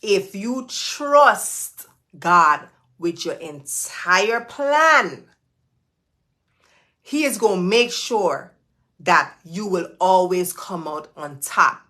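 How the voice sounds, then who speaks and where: A woman's voice: on the low side, animated, drawn-out words, bright, forceful tone. A middle-aged woman, hosting a live stream question-and-answer session in a chatty, direct way, calling her viewers y'all. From Florida. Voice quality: creaky.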